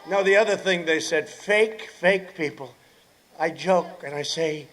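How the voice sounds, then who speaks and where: Rambling older man shouting at a rally. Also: high-pitched, lively intonation, normal speed, noisy background. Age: 70s. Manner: rambling, sarcastic asides, repeats phrases; bursts into shouting. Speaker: politician addressing a rally. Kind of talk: rally speech.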